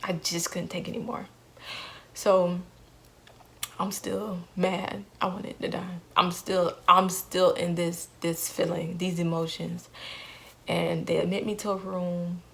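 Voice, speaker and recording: A woman's voice: fairly low pitch, little pitch movement, slow, gravelly. A young woman vlogger telling a painful personal story in an earnest way, repeating phrases for emphasis.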